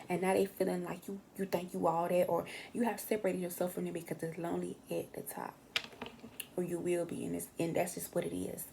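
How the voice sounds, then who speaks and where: A woman's voice: on the low side, vocal fry, dark tone, a little hiss or hum. A young woman giving a casual tarot reading, brash and slangy, swearing freely and acting out what other people say. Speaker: tarot reader.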